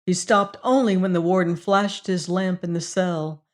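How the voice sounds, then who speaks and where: A woman reading a classic mystery story aloud as an audiobook narrator, in a measured style. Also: fairly low pitch, fairly even intonation. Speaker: audiobook reader.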